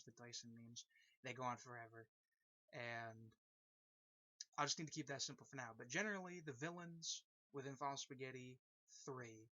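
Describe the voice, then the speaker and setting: A man's voice: mid-range voice, bright, forceful tone, no room sound. A man casually explaining a fan-made story at length, rambling with lots of fillers and repeated phrases. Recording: dull lo-fi recording.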